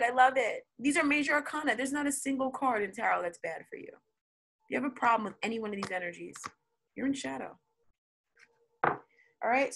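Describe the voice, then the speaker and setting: A woman giving a casual tarot reading to camera, chatty and excitable, laughing often and talking in slang. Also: high-pitched, slightly rough. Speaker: tarot reader.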